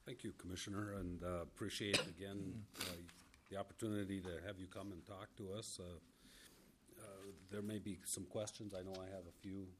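A man, a senator chairing a committee hearing and questioning a witness. He speaks haltingly, with many filler words. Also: sits low, level tone, background noise.

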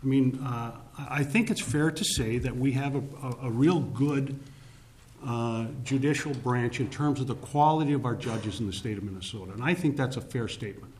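A man with a mid-range, darkish voice delivers formal testimony to a legislative committee, stressing key words in a deliberate, emphatic way and using "uh" frequently. There is a little hiss or hum in the audio.

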